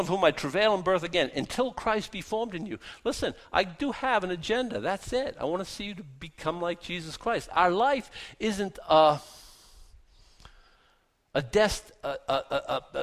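A man preaching a sermon, zealous and animated, trying to keep his voice soft, with many restarts. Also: fairly high pitch. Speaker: pastor.

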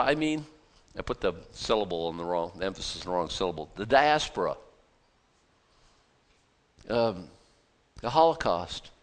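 Reading passages of scripture aloud, this medium-pitched male pastor then unpacks them for his congregation with a folksy, lively, conversational style.

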